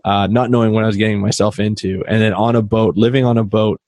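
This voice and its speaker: Male guest, mid-pitched storyteller, dry close sound. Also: quick pace, dry recording. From Canada. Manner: animated anecdotes, acts out quoted dialogue. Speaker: podcast guest. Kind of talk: storytelling in casual interview.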